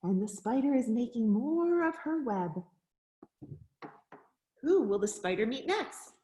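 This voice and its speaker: An educator reads a picture book to young listeners in a high, sing-song voice that leaps around expressively. She takes her time, gasps at each discovery and keeps turning to the children with questions. The sound is roomy, with a clear echo. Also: very animated, a little slow, dark tone. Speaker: nature center educator.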